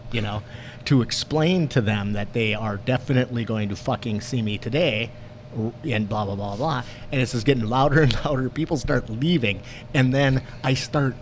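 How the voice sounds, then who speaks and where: A man co-hosting a podcast, telling a story in casual chat, animated, swearing and laughing as he goes. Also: medium pitch, a little hiss or hum. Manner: animated, profane, laughs through his story. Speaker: podcast co-host.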